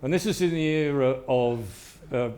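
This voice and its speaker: A man, an author, telling anecdotes to a live audience in a lively storytelling manner and acting out what people said. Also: medium pitch, a little slow. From Britain. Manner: lively storyteller, acts out quotes. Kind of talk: anecdotal talk.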